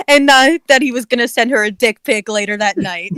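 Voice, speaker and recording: A woman's voice: on the high side, a little fast, a bit bright, clear, resonant tone, no room sound. A young woman cracking snarky jokes about a book she is reading with friends, giggling. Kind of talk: mocking read-along chat.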